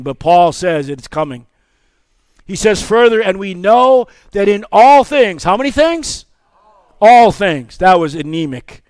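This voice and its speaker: High-voiced emphatic male pastor preaching. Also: smooth, no echo. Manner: emphatic call-and-response preaching. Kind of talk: sermon.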